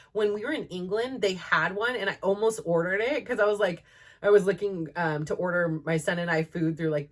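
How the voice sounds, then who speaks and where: A podcast host, a woman in her thirties with a slightly low voice, chats through a casual storytelling monologue. She rambles, fills her sentences with "like" and "um", and laughs often.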